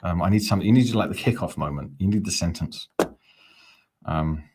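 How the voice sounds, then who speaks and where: A man's voice: low voice, brisk, noisy background. A man hosting a live fan watch-along, talking in a chatty, rambling, self-mocking way. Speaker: fan channel host.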